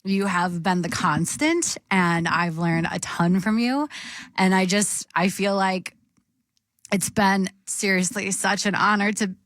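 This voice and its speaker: A woman co-hosting a radio show, speaking earnestly and warmly on air. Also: mid-range voice, steady tone, takes it slowly, dry recording. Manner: warm, earnest, giggly. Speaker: radio co-host. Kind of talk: heartfelt on-air tribute. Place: radio studio. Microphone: studio microphone.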